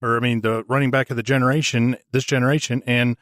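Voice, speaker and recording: A man's voice: medium pitch, little pitch movement, fairly bright tone, no echo. Wisecracking male producer, dry close sound. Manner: wisecracking, chimes in with quick jabs. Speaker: podcast producer. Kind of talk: casual sports chat.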